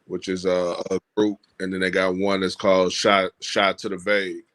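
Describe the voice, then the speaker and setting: A man's voice: low voice, completely flat delivery, normal speed, a bit bright, no room sound. A man chatting casually on a livestream, laid-back and joking in slang.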